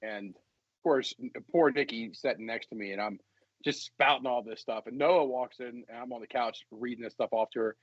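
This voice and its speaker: A man's voice: medium pitch, normal speed, no echo, muffled recording. A man co-hosting a podcast, telling rambling stories in casual banter. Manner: rambling, storytelling, laughs a lot. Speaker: podcast co-host.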